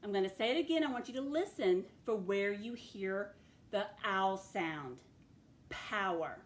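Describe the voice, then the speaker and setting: A woman's voice: medium pitch, lively intonation, moderate pace. A woman teaching a phonics lesson to children, patiently sounding out words letter by letter.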